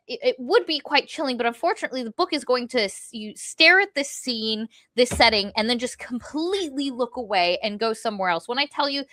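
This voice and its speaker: A woman's voice: on the high side, sharp tone, no room sound, clean studio sound. A woman co-hosting a book podcast, retelling the plot casually in a rambling way and dropping into mock voices for the characters. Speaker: podcast co-host. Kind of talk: casual book-review chat.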